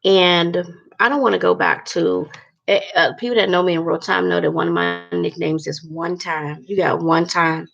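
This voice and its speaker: A woman vents in a casual home vlog, blunt and candid, swearing freely between her fillers. Her voice sits a bit low and is heavily gravelly with vocal fry. The recording sounds dull and lo-fi. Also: steady tone, moderate pace, fairly bright tone. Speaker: vlogger. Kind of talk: casual talking-to-camera vlog.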